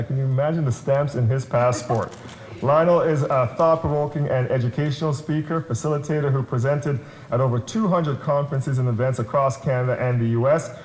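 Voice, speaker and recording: A man emcees a conference from the podium and jokes with the crowd as he introduces the keynote speaker. His voice sits at an ordinary middle pitch. The sound carries the echo of a large room. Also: a little mellow. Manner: joking, teasing the audience. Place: conference hall. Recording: roomy conference hall.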